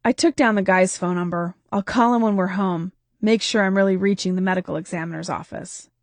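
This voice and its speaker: A woman voicing a tired, worried husband who talks quietly and soothingly. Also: medium pitch, steady tone, brisk, no room sound, close to an everyday voice. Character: weary worried husband, gentle and protective.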